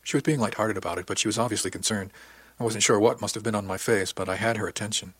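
A man telling a story in the first person, plain and earnest. His voice sits low with a husky edge. The recording is dry and close with no room sound. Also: fast, no echo. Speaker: audiobook narrator. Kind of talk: first-person audiobook narration.

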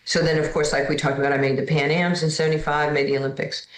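A woman in her sixties from New York, telling candid, self-deprecating stories as a guest in a lively conversation. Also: low-pitched, quick pace, roomy sound, poor audio. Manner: lively, candid, self-deprecating, repeats words when starting. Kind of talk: storytelling in conversation.

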